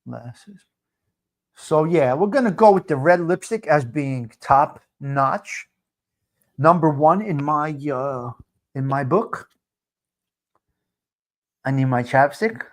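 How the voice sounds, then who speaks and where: A brash middle-aged man runs a live chat stream, teasing his viewers. His voice sits high for a man and swings widely up and down as he jokes. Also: expressive, slow pace, pauses often. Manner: brash, teasing, street-wise banter.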